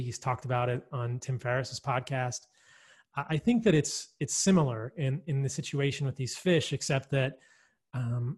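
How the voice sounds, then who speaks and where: Enthusiastic man explaining as a podcast guest. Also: mid-range voice. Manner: enthusiastic, explanatory, with frequent fillers and laughs. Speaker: guest expert. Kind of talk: conversational podcast interview.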